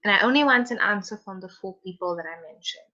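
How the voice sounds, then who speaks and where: A woman's voice: mid-range voice, lively intonation, fast, pushed and bright, dull audio. A woman teacher giving an online class lesson, calling on students by name and encouraging them. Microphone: video call.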